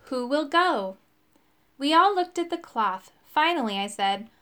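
A woman narrating a children's fantasy book in the first person, with expressive reading. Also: a little high, normal speed, smooth. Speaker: audiobook narrator. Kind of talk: storybook narration.

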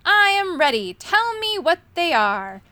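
A woman's voice: very high voice, sing-song, a little slow, sharp tone, voice pushed up, full character voice. A woman voicing a kindly male would-be magician in a storybook reading, earnest and firm.

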